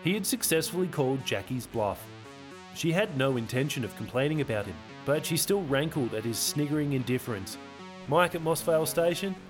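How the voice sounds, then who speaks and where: A man reading his own audio novel as narrator, in a dry, measured storytelling voice. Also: mid-range voice, expressive, over music. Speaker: author and narrator.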